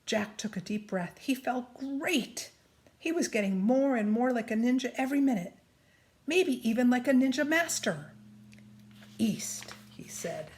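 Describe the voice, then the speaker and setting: A woman reading a children's chapter book aloud. She reads slowly and deliberately and drops to a whisper at hushed moments. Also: fairly high pitch, animated. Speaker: storybook reader.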